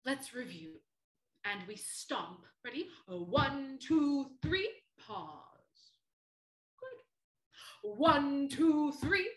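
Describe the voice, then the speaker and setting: A woman's voice: high-pitched, very animated, roomy sound, heavily acted. A woman playing a playful three-eyed monster. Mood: encouraging. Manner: slow, playful and theatrical, counting moves aloud. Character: friendly three-eyed female monster teacher. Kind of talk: children's theater class.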